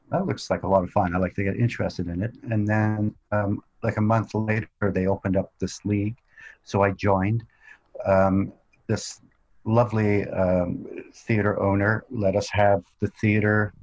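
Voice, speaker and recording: A man, a podcast guest, telling stories in a relaxed chat full of fillers and restarts. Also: on the low side, muffled recording. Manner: relaxed storytelling with many fillers. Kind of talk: casual interview chat.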